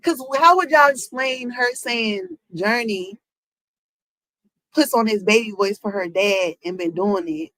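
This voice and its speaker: A woman's voice: mid-range voice, measured pace, a bit bright, dry recording, low-quality recording. A woman streamer reacting casually to celebrity news, talking straight to her viewers with rhetorical questions. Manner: talks to chat, rhetorical questions, African American Vernacular English phrasing.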